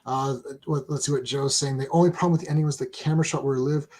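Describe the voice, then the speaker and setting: A man co-hosting a casual chat show, talking excitedly with many restarts and reading viewer comments aloud. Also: medium pitch, fast talker. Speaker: co-host.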